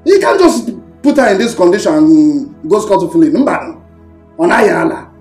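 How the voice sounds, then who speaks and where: Soothing Nigerian brother, echoey room. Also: male voice, high voice, sing-song, a little slow, darkish tone, faint music behind, exaggerated voice. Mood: reassuring. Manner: reassuring, soothing. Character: protective brother of a hurt woman.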